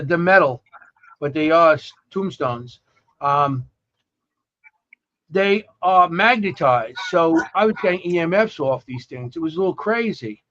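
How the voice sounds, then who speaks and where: A fairly high-voiced man hosts a casual podcast chat. He rambles and stops often to restart his sentences. The recording sounds muffled and lo-fi. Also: a bit bright, a little hiss or hum. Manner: rambling, halting, many fillers and restarts. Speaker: podcast host.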